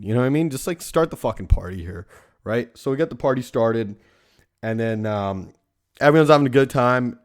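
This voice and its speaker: A young man hosting a casual storytelling show, rambling and swearing constantly, tagging lines with "right?". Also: lowish voice. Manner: profane, rambling, lots of "right?" tags. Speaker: podcast host.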